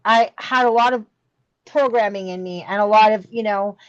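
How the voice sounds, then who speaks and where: A woman's voice: mid-range voice, normal speed, no echo, muffled recording. A middle-aged woman telling a candid, emotional story as a podcast guest, with many fillers and restarts. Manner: rambling, emotional, full of fillers.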